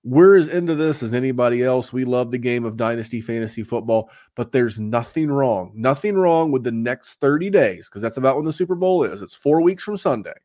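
A man of average pitch hosts a podcast in a loose, upbeat way. He rambles a little, stacking shout-outs and plugs as he goes, in an easy, casual chat. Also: animated, fairly quick, hardly any pauses. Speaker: podcast host.

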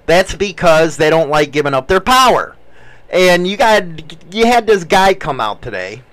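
A man's voice: a little high, normal speed. A man co-hosting a podcast, swapping crude jokes and stories in profane casual banter and laughing often. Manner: animated storyteller. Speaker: podcast co-host.

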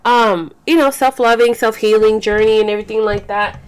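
A woman's voice: a little high, fairly even intonation, brisk, a little hiss or hum. Chatty, profane young woman vlogger. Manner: profane, rambling, code-switches into Spanish; frequent fillers and restarts. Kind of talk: casual chat to camera.

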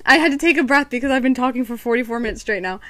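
A woman's voice: fairly high pitch, rapid-fire, fairly bright tone, slight background noise. A woman hosting a podcast, reviewing cartoon episodes in casual, chatty talk and acting out quotes. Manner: chatty, giggly, acts out quotes.

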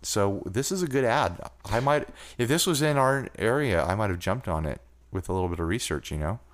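Man with a lively, bouncing voice. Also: lowish voice, a little fast. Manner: loose, rambling, jokey. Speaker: podcast co-host. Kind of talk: casual chat.

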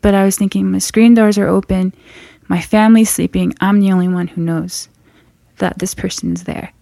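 A woman telling a frightening personal story in an earnest, halting way, often restarting her sentences. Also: mid-range voice, level tone, vocal fry, dark tone, no room sound, studio quality.

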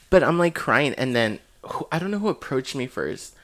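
A man's voice: mid-range voice, big pitch swings, moderate pace, a bit bright. A young man telling his side of a party story in a casual chat, dramatic and profane, often laughing.

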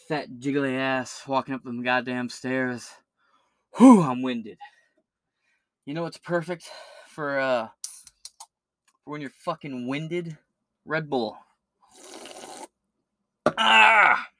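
A man delivers a free-form podcast rant, crude and rambling, swearing nonstop. His voice sits at an ordinary middle pitch. The sound is close and dry, with no room around it. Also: fairly bright tone, no echo. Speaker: podcast host.

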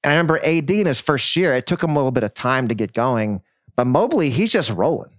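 A man's voice: mid-range voice, lively intonation, quick pace, dry recording, clean studio sound. A man co-hosting a podcast, talking casually and with enthusiasm, building his points with stats and comparisons. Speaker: podcast co-host. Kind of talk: casual basketball chat.

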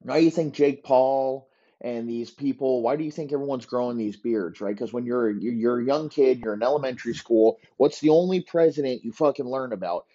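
A man's voice: mid-range voice, a little fast, warm tone, lo-fi sound. A man hosting a podcast, ranting profanely in a rambling comic monologue. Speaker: podcast host. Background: dogs barking.

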